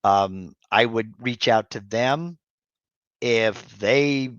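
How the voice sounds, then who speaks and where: A man's voice: mid-range voice, drawn-out words, a bit bright, dry recording, dull audio. A man hosting a live Q&A stream, answering viewer questions off the cuff with many fillers and restarts. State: has hiccups.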